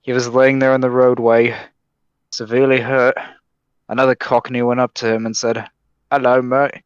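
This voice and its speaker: A man reading a short war story aloud and cracking quick jokes. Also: mid-range voice, flat delivery, clean tone, no room sound. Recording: dull lo-fi microphone.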